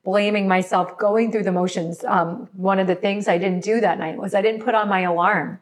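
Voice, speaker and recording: A podcast guest with a steady, mid-range voice at normal speed tells a frightening story about herself. Tearful and apologetic, she cries at times and frequently starts over.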